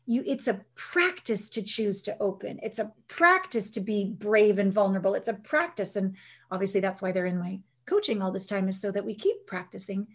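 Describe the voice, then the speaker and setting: A woman's voice: medium pitch, moderate pace, husky. A woman intimacy coach, telling stories as a guest in a conversational interview and acting out the lines of the people in them. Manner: animated storyteller, acts out quotes.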